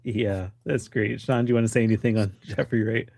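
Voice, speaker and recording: A man's voice: fairly low pitch, steady tone, a little fast, creaky, a little mellow. A man hosting a casual film podcast, hesitant and full of ums and restarts as he steers the talk. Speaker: podcast host.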